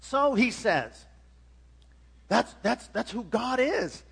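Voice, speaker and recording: A man's voice: very high-pitched, big pitch swings, slow pace, creaky, fairly bright tone, slightly rough. A middle-aged man preaching a sermon as pastor, emphatic with frequent restarts and swelling volume.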